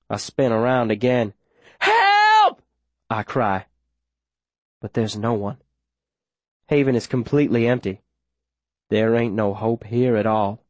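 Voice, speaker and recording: A man's voice: mid-range voice, dry recording. A man reading a first-person audiobook with urgent, tense storytelling. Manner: urgent, tense storytelling with sudden shouted lines. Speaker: audiobook narrator.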